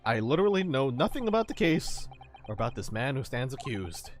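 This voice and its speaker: A man voicing an anxious, earnest young lawyer in low, worried inner monologue while reading a game aloud. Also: sing-song, brisk, faint music behind, lightly acted. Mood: nervous.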